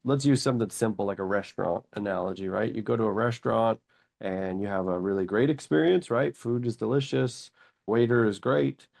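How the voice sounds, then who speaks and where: Low gravelly-voiced man in his forties. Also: a little fast. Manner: lively anecdotes, acts out his own thoughts in quotes. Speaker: company CEO, guest. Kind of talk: casual interview storytelling.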